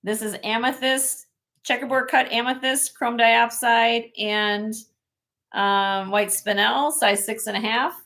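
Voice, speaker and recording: A woman hosting a casual live jewelry sale from home, briskly listing rings and sizes with chatty asides. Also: fairly high pitch, steady tone, bright, forceful tone. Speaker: host selling jewelry on a live stream.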